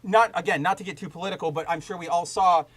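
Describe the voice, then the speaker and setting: A man's voice: high-pitched, quick pace, low-quality recording. A man hosting a podcast, talking in a casual, rambling way and ranting with plenty of swearing. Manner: animated, profane ranting; loose, rambling with fillers and restarts. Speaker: podcast host. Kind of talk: casual chat with live chat.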